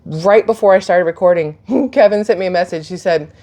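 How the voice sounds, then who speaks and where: Here a fairly quick, lowish-voiced woman vlogs to her phone, recounting a story in a relaxed way. Animated and chatty, she throws herself into voicing the people involved, gasping and laughing along the way.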